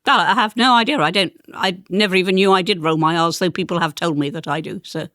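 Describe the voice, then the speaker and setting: A woman's voice: lowish voice, fast, pushed and bright, no room sound, studio quality. An older woman with a received pronunciation accent and rolled R's, speaking as an interview guest in a precise, emphatic way. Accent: English received pronunciation with rolled R's. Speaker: interview guest, former politician. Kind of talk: conversational interview.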